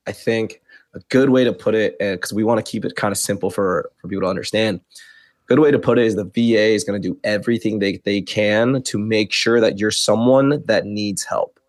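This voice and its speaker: A man's voice: fairly low pitch, no room sound, clean studio sound. A man speaking as a guest on a talk show, explaining plainly and earnestly. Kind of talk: casual chat.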